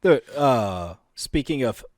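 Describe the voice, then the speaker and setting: A man's voice: medium pitch, very animated, slow, darkish tone, no echo, studio quality. A young man co-hosting a podcast, telling stories in casual comedic banter, laughing often and swearing casually. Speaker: podcast co-host.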